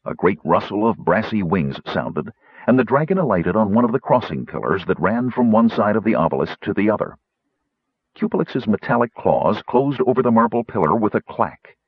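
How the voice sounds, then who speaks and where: Low, husky-voiced male narrator. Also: sing-song, dry recording, lo-fi sound. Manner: measured storytelling, shifting into character voices. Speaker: audiobook narrator. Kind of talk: scripted fantasy narration.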